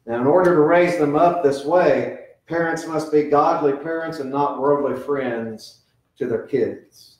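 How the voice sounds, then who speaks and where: A man's voice: fairly high pitch, a little slow, a little mellow. A middle-aged man preaching as pastor, talking earnestly and conversationally about raising children, with quoted voices mixed in. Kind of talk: sermon. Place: church sanctuary. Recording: echoey church, mic from a distance.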